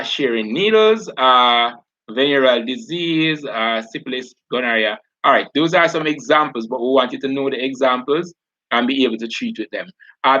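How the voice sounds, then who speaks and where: A man's voice: medium pitch, pushed and bright. A male teacher giving a live online class, chatty, laughing often and calling students by name. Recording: dull lo-fi sound.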